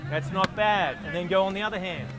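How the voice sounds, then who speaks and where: Man, bossy and loud, slightly high voice, comedic coaching outdoors. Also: a little fast, crowd noise, background noise. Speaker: host teaching Aussie rules football.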